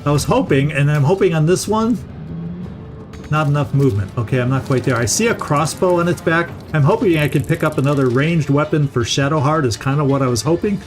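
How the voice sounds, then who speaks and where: Soft music plays behind a middle-aged man running a let's-play for his gaming channel. His pitch is fairly high and his pace a little fast as he chats, muses aloud, and keeps restarting words.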